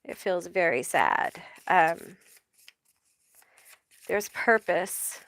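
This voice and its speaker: A woman giving a live tarot reading in a slow, halting way, full of fillers, emotional and close to tears. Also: lowish voice, animated, a bit bright. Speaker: tarot reader.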